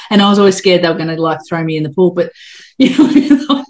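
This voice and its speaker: A woman in her fifties hosts a podcast with frank, chatty talk and easy laughs. Her voice sits somewhat low for a woman. She speaks casually and openly. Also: lively intonation, moderate pace. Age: 50s. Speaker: podcast host. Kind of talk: casual chat.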